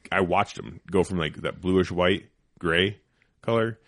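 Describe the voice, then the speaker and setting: Deep-voiced man telling a profane story. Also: unhurried, dry recording, studio quality. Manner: profane, animated storytelling with whispered asides. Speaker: podcast host. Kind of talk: casual storytelling chat.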